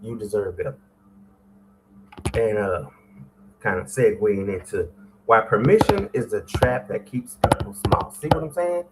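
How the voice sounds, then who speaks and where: A man's voice: fairly low pitch, animated, measured pace, long pauses, noisy background. A middle-aged man, hosting a morning show with preachy, call-and-response motivational talk.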